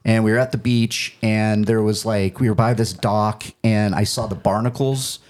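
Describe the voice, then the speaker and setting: A man, a film superfan, chatting casually and telling animated stories, shouting out the voices he quotes. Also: on the low side, normal speed. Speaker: guest, Jaws superfan. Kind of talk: casual storytelling chat.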